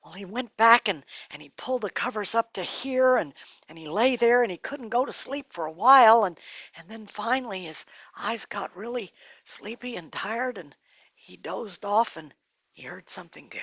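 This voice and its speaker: A woman telling a Bible story to children in an animated, dramatic way, dropping her voice to a hush at times. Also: medium pitch, normal speed, dry recording.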